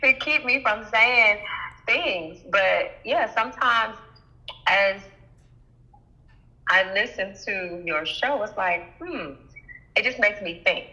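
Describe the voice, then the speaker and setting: A woman's voice: medium pitch, lively intonation, takes it slowly, pauses often, bright, forceful tone, highs cut off. A woman calling in to a talk show, speaking thoughtfully in short, searching phrases. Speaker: caller. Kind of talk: casual call-in conversation.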